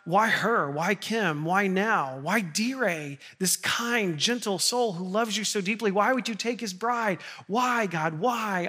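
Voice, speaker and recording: A man's voice: a little high, pushed and bright. A man who is a pastor, preaching a sermon in an earnest way that builds to impassioned appeals.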